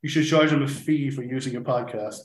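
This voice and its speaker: A man's voice: mid-range voice, steady tone, brisk, reverberant, poor audio. A man talking as a guest on a podcast, rambling with lots of restarts while his throat gives him trouble. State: struggling to speak, throat trouble. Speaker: football club manager guest. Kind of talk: podcast chat.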